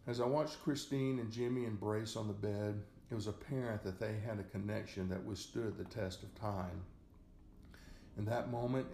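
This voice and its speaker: Male storyteller, gravelly voice, low pitch, slow measured reading, echoey room. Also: a little mellow, a little hiss or hum. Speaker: narrator. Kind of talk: scripted narration of a short story.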